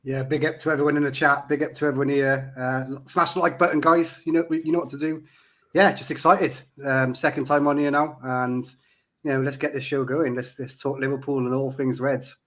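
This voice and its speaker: A man's voice: mid-range voice, little pitch movement, fairly quick, fairly bright tone. A man, an upbeat and friendly guest panelist on a casual chat.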